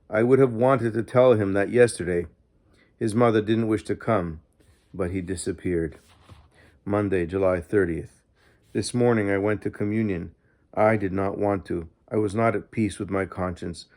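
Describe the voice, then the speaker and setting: A man's voice: fairly low pitch, fairly even intonation, moderate pace, darkish tone. A man narrating a diary in the first person, reading steadily and earnestly as an audiobook narrator.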